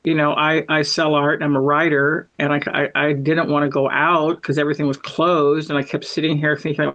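A woman's voice: low-pitched, little pitch movement, fairly quick, a bit bright. A middle-aged woman hosting a podcast, telling rambling stories and acting out both sides of each conversation. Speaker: podcast host. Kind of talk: casual storytelling. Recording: muffled lo-fi audio.

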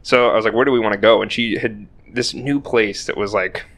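A man's voice: lowish voice, steady tone, brisk, vocal fry, fairly bright tone. A young man telling a rambling, self-deprecating story in casual podcast chat, swearing freely. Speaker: podcast co-host.

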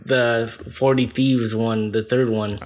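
A man's voice: mid-range voice, level tone, slow, a little mellow. A man co-hosting a casual podcast chat and telling long, rambling anecdotes. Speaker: podcast co-host.

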